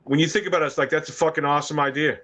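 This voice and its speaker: A man's voice: a little high, steady tone, rapid-fire, fairly bright tone. A man in his forties in a casual, jokey chat among friends, swearing freely. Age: 40s. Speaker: podcast co-host.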